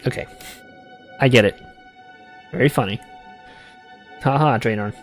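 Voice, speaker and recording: A man's voice: medium pitch, unhurried, soft background music. A man streaming a game, chatting casually with sarcastic joking asides. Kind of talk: casual let's-play commentary.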